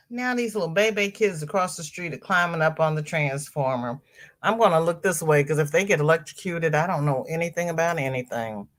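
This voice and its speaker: A woman's voice: sits low, moderate pace. A middle-aged woman hosting a casual livestream, chatting with viewers and reading their comments aloud. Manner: chatty, exclaims and laughs while reading comments. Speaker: host reading live chat. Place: home.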